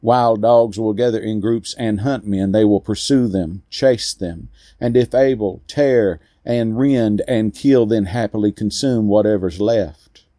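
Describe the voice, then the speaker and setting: A man narrating a first-person story in a slow, deliberate way with weighty pauses. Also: lowish voice, dark tone, no echo, studio quality.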